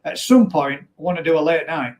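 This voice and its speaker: A man's voice: on the high side, fairly quick, a little mellow. Chatty man hosting a livestream. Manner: chatty, reads comments aloud. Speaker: livestream host. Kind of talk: casual chat, reading viewer comments.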